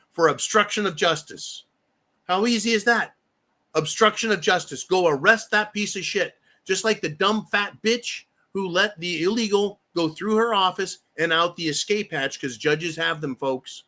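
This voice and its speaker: A man's voice: fairly high pitch, bright, forceful tone. A man hosting a live stream, angrily ranting with lots of profanity and reading viewer comments aloud. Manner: angry, profane, heated ranting. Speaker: livestream host. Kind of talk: live-stream political rant.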